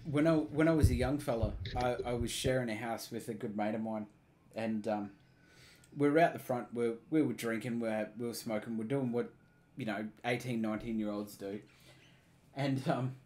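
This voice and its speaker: An Australian man co-hosting a casual online chat show, swearing freely and telling animated stories. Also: medium pitch, moderate pace. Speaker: podcast co-host.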